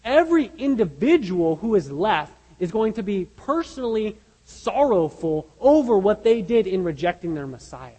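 A man's voice: high-pitched, very animated, normal speed, hardly any pauses, mellow, breathy edge, in a large hall, rough recording. A man preaching a sermon as pastor, earnest and emphatic, asking his listeners rhetorical questions.

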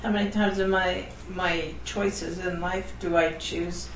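A woman's voice: on the low side, flat delivery, unhurried. A woman in a Bible study group, sharing a thoughtful, reflective comment. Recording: distant voice in an echoey room with faint noise.

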